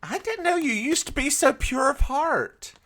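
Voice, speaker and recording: A man's voice: extremely high pitch, lively intonation, a little slow, fairly bright tone. A man with a Southern US accent co-hosting a podcast, recapping a TV episode in campy, teasing banter. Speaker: podcast co-host. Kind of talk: casual comedic recap chat.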